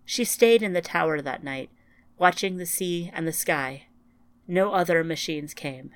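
A woman reads a short story aloud in a measured, even way, as the podcast's narrator. Her voice sits low, and the recording is dry and close with no room sound. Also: dry recording. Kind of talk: scripted narration.

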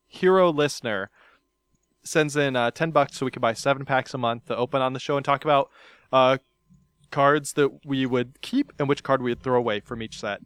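A man's voice: medium pitch, fairly bright tone, clean tone, dry recording. A man hosting a casual podcast, teasing his co-host and laughing often.

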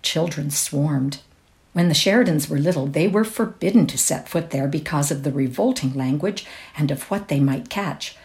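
A woman reads a classic short story aloud in a measured, expressive manner. Her voice sits low for a woman. She leans into the descriptive passages. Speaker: reader. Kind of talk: dramatic reading of a short story.

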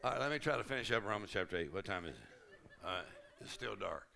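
Gravelly, exuberant preacher. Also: male voice, lowish voice, expressive, fast talker. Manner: exuberant, laughing, shouting "woo". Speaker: pastor. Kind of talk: sermon. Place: conference hall. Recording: crowd heard in a hall.

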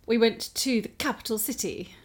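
A woman's voice: a little high, moderate pace. A woman from England with an English accent, co-hosting a casual podcast with giggly, teasing banter. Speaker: podcast co-host.

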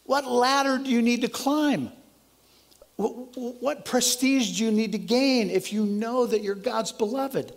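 A man pastor delivering a sermon in a high voice with a gravelly rasp. He talks earnestly and conversationally, often circling back to restart a phrase. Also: a little slow. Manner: lowers voice to a soft, quiet prayer.

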